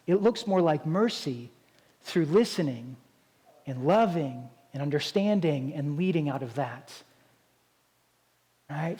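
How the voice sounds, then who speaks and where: Pastor, man, fairly high voice, chatty sermon delivery with lots of "right?". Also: darkish tone, rough recording. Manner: conversational, keeps asking "right?".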